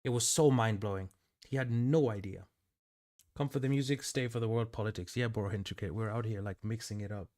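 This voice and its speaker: A man's voice: on the low side, brisk, darkish tone. A man from Kenya hosting a casual live stream from his music studio, chatting loosely with viewers by name and filling his talk with "like" and "dude.". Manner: chatty, talks to chat by name, lots of "like" and "dude".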